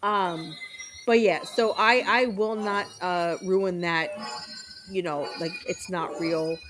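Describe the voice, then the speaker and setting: Against a noisy background, a woman game streamer in her thirties talks casually with viewers in a fairly low, steady voice at a slow pace. She tells blunt stories laced with fillers and the occasional curse.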